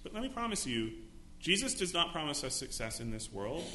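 Bright-voiced preaching man in echoey church. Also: on the high side, sing-song, fairly quick, slight background noise. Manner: preaching with dramatic acted-out quotes. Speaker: pastor. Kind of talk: sermon. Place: church sanctuary.

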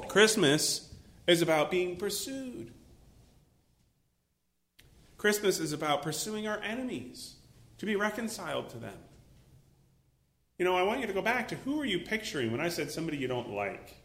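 A man preaching a sermon as a pastor, animated, acting out little voices and exclaiming as he goes. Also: high-pitched, moderate pace, long pauses, reverberant.

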